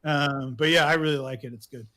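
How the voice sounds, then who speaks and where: A man's voice: mid-range voice, steady tone, fairly quick, pushed and bright. A man co-hosting a podcast, chatting casually about shows he likes, rambling with lots of filler words and frequent laughs. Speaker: podcast co-host. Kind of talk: casual chat recommending shows.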